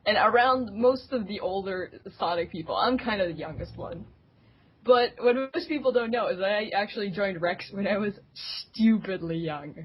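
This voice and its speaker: Giggly young woman, husky dull audio. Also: medium pitch, moderate pace. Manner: giggly, animated storytelling with playful voices for her younger self. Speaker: guest, fan site staff member. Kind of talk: casual podcast chat.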